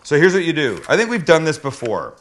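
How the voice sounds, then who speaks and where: A man's voice: a little high, wildly swooping pitch, fairly quick, background noise. A man hosting a casual cooking demonstration in a home kitchen, joking and wisecracking as he explains each step. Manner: joking, wisecracking, a bit profane. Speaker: cooking show host.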